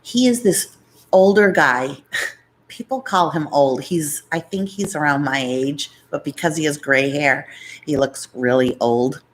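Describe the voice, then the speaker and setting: Low-voiced chatty New woman. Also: measured pace, rough recording. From New York. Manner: rambling, chatty, jumps between topics. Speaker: YouTuber hosting a live chat. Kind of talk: casual live-stream chat.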